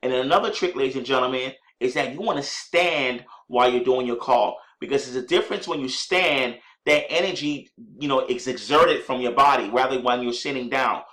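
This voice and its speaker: This man's enthusiastic lesson covers running network marketing conference calls, with frequent ladies and gentlemen and upbeat acted-out sample greetings. His mid-range voice is brisk, with hardly any pauses, and he clears a scratchy throat in an echoey room.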